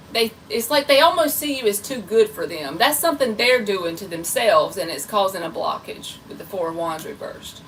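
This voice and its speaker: A woman's voice: on the high side, fairly bright tone, recorded from a distance, slight background noise, poor audio. Woman tarot reader for a live reading, goofy and chatty, set back from the mic. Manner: chatty and playful, self-described goofy.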